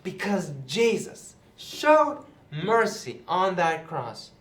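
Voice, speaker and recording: With a high, slightly bright voice, a young adult man speaks very slowly and very animatedly as he retells a Bible parable to camera from a seat indoors. He's a youth Bible teacher and channel host, and his casual, chatty delivery is full of "you know" and "right." The sound carries a roomy echo.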